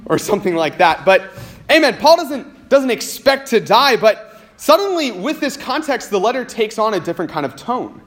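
A high-pitched man preaching a sermon to his congregation. He talks in a loose, conversational way, with plenty of "like" and "you know", and slips into a slower reading voice for scripture. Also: big pitch swings, a bit bright. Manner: conversational, uses casual fillers while reading scripture aloud. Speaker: pastor.

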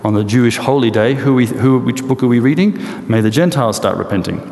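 A man preaching a sermon in a lively, animated storytelling way with rhetorical questions, in a large hall or church. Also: mid-range voice, quick pace, gravelly. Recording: echoey hall with long reverb and faint noise.

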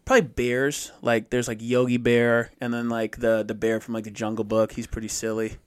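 Man, podcast co-host, relaxed, chatty. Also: medium pitch, normal speed, clean tone, no room sound, clean studio sound. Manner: easygoing, lots of agreeing fillers. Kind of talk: casual chat.

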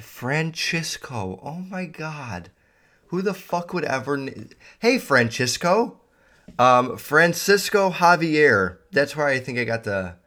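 Young man, mid-pitch voice, solo podcast host, loose profane rambling. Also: fairly bright tone. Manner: rambling, heavy profanity, lots of fillers. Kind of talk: casual solo podcast rant.

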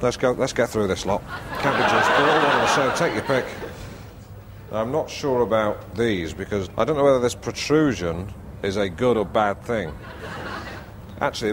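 Guy doing a pompous tv host rambling dry asides, lowish voice, noisy tv clip. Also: lightly acted. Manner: dry rambling asides, slow musing delivery. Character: pompous middle-aged male TV presenter, rambling and self-absorbed. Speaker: TV presenter judging a vegetable show.

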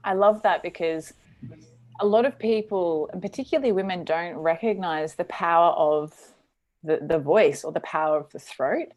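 A woman's voice: fairly low pitch, moderate pace, a little mellow. A woman hosting a podcast interview, asking long questions and rephrasing them eagerly. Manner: enthusiastic, rephrases her questions. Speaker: podcast host.

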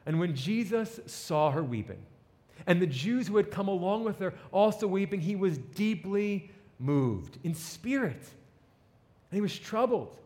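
A man's voice: high-pitched, very animated, unhurried, darkish tone. A man preaching a sermon, telling a story dramatically and acting out its voices, building to emphatic peaks. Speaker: pastor. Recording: long hall reverb.

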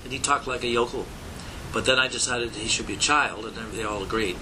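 A man in his seventies talks at a relaxed pace, filling his stories with "uh"s. A steady air-conditioning hum runs clearly under the recording. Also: on the low side, fairly quick. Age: 70s. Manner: relaxed storytelling with many fillers. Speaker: puppeteer interviewee.

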